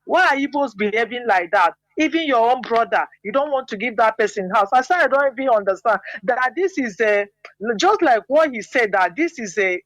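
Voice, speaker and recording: A woman's voice: medium pitch, dry recording. A Nigerian woman calling in to a radio program, telling long passionate run-on stories. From Igbo land, Nigeria. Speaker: caller. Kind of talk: call-in radio commentary. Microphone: WhatsApp call. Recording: dull lo-fi WhatsApp call.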